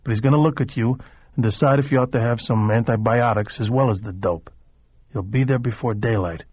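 Gruff mob boss guy, a man doing the voice, deep and quiet, husky, kinda muffled dry recording. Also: brisk, no echo, natural voice. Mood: curt. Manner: curt, commanding, low and quiet.

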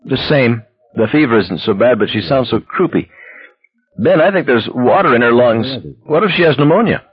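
A man's voice: mid-range voice, lively intonation, normal speed, breathy edge, no room sound, highs cut off, soft background music, pitched above the performer's own voice. A man voicing a worried, frightened young wife and mother on the phone. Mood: anxious. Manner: anxious, wary, frightened.

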